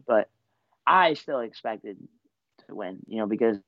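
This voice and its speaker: A man's voice: mid-range voice, moderate pace, dry recording, muffled recording. A young man in his twenties, a wrestler being interviewed, telling his story in a laid-back, rambling way full of fillers. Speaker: wrestler guest.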